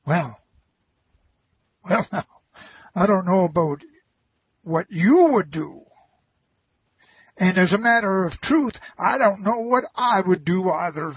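Slow, husky-voiced folksy preacher. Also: male voice, sits high, expressive, dry recording, lo-fi sound. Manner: slow and drawn-out, with folksy asides. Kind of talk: folksy sermon.

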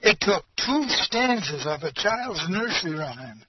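A man preaches a storytelling sermon at a slow, halting pace, with a fairly high voice. He talks in a folksy way, with fillers and repeated words. The recording is muffled and lo-fi, with faint hiss. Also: sing-song. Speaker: pastor.

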